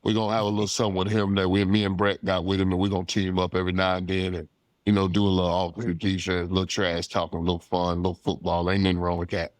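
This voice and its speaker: A middle-aged man, a former football player telling animated stories on a podcast, acting out quotes and laughing often. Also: low-pitched, racing, no echo. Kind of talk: casual storytelling.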